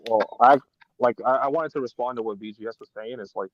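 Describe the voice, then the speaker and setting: A man's voice: medium pitch, a little fast, no room sound, muffled recording. A man in a casual podcast chat who talks hesitantly, filling with "like". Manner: hesitant, lots of "like".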